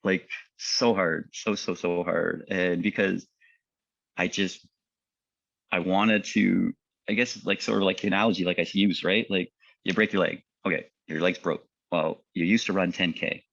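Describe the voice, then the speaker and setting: A man, a paramedic, telling his personal story in a halting way, full of fillers and repeated words. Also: low voice, steady tone, vocal fry, fairly bright tone, no room sound, muffled recording. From Canada. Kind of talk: personal testimony talk.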